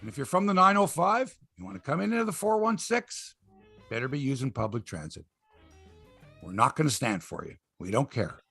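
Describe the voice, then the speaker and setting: A man hosting a sports podcast, talking casually and bluntly, swearing freely and breaking into animated rants. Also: mid-range voice, a little fast, vocal fry, breathy edge, faint music behind.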